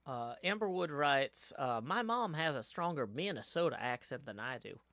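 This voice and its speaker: A man's voice: on the high side, lively intonation, moderate pace, a bit bright, no echo. A man chatting casually on a live stream, reading viewer comments aloud and answering them in a rambling way.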